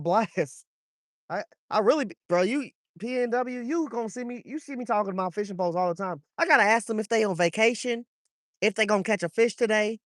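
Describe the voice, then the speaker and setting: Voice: mid-range voice, dry recording. A fishing vlogger chatting casually and with a lot of swearing, talking to viewers and to the fish while out by the water at night. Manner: loose, profane, talks to chat and to the fish. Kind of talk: casual live-stream chat while fishing.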